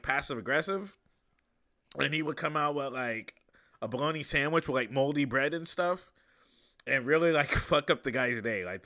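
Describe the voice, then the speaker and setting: A young adult man hosting a casual monologue, rambling and relaxed with many fillers. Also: mid-range voice. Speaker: host.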